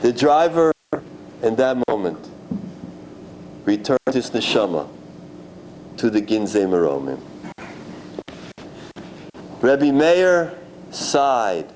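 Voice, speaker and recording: A rabbi giving a dramatic storytelling sermon at a synagogue gala. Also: male voice, medium pitch, drawn-out words, long pauses, a little hiss or hum. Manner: animated, dramatic preacher.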